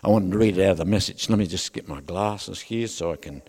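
A man's voice: low-pitched, quick pace, a little mellow, husky. A man preaching a sermon, conversational with joking asides to the congregation. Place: large church hall. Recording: long reverb of a large hall.

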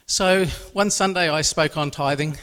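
Man, lay preacher, emotional testimony, somewhat high voice, long hall reverb. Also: normal speed, pushed and bright. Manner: earnest and emotional, repeats phrases. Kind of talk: personal faith testimony.

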